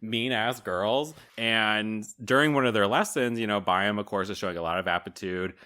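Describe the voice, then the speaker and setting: A man co-hosting a podcast, recapping a movie in casual chat and acting out characters in quick bits, laughing often. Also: on the low side, pushed and bright, clean tone. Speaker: podcast co-host.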